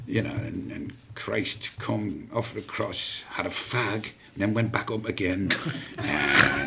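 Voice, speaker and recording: A man as a podcast guest, telling family stories in an animated way and laughing at his own tales. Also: medium pitch, creaky.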